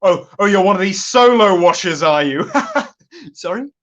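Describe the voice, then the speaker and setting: A smug, sleazy office boss, played by a woman, brags and flirts down the phone in a comic monologue. The voice swoops lively up and down and takes its time. He speaks with an unhurried, self-satisfied drawl. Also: mid-range voice, highs cut off, close to an everyday voice. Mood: flirty. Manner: boastful and flirtatious. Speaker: sketch performer.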